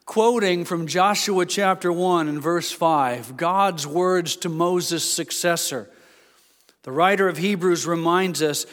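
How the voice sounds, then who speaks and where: An older man preaching a sermon as a pastor, rising to loud emphatic peaks, then dropping into quiet, homely storytelling. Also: high-pitched, slow. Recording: long hall reverb.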